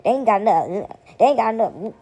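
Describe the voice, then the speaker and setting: A woman's voice: fairly high pitch, expressive, rapid-fire, warm tone. A woman at home giving casual spiritual commentary to her viewers, rambling and repeating herself and slipping into mocking voices. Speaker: vlogger. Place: at home, sitting back among laundry.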